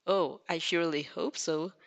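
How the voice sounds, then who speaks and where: A cocky young winged hero who teases and banters, laughing between his words, as a fanfic reader puts him on. The delivery is playful and easygoing, with a casual, mid-pitched tone. It sounds like an amateur audio fanfic reading. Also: steady tone, normal speed, creaky, natural voice. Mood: teasing. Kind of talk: fanfic read aloud.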